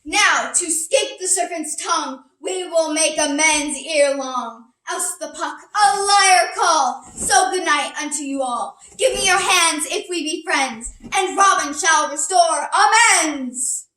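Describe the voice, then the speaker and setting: A woman playing a mischievous sprite, delivering theatrical verse in a lilting, unhurried way. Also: high-pitched, sharp tone, heavily acted. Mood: wistful. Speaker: actor performing an epilogue. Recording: echoey room, distant mic.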